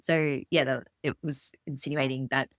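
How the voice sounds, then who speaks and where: A woman's voice: very deep voice, fairly even intonation, normal speed, no echo, clean studio sound. Candid, curious woman podcast host. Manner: candid and curious, chatty questions, casual swearing. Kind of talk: casual interview.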